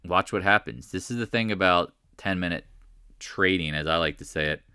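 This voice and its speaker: A man's voice: low-pitched, moderate pace, bright, forceful tone, clear, resonant tone, no echo, studio quality. A man hosting a live market chat, talking casually and emphatically, repeating his points and rambling between thoughts. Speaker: stock market livestream host.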